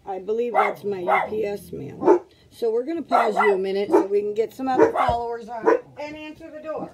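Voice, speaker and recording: A woman's voice: a little high, expressive, brisk, heavy background noise. A middle-aged woman at home giving a casual motivational talk to her followers, asking rhetorical questions over and over in a preachy way. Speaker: vlogger, motivational group leader.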